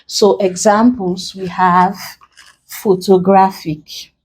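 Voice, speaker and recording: A woman's voice: medium pitch, takes it slowly, darkish tone, low-quality recording. A woman from Nigeria teaching an exam-prep English lesson, spelling out letters one by one and explaining each step. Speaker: English tutor.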